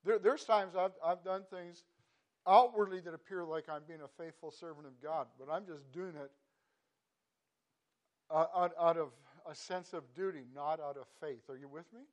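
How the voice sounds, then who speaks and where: A man preaching a devotional sermon in an earnest, halting way, stopping and restarting often, then rising into emphatic bursts. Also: fairly high pitch. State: choked up. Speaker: pastor.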